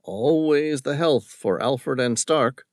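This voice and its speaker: A male narrator voicing a cocky young lawyer with a Southern accent, smooth-talking and smug. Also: medium pitch, slow, no room sound, studio quality, pitched above the performer's own voice. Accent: American Southern.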